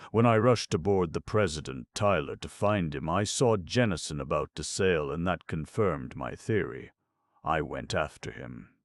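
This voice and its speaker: Brief: male narrator as brisk, excited young gentleman, low and dry. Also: no echo. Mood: eager. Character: eager young Boston gentleman. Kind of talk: audiobook narration.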